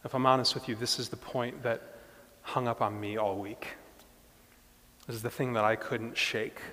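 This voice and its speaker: A man's voice: mid-range voice, fairly even intonation, moderate pace. Preaching man in a reverberant hall. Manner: builds from hushed, reflective passages to loud, emphatic preaching. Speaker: pastor. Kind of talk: sermon.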